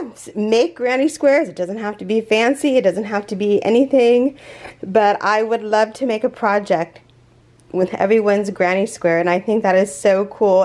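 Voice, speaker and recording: A woman hosting a crochet channel, chatting through a casual unboxing vlog in an excitable, gushing way, rambling with fillers and restarts. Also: medium pitch.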